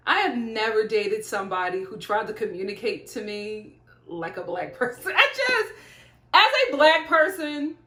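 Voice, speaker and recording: A woman's voice: on the high side, very animated, normal speed, pushed and bright, echoey room. A woman reviewing a TV show in blunt, sassy casual chat, talking straight to her viewers.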